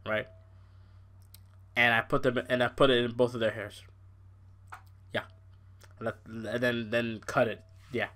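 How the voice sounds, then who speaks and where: A young man hosting a casual wrestling podcast, ranting in an exasperated, animated way with frequent swearing. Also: mid-range voice, unhurried, pauses often. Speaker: podcast host.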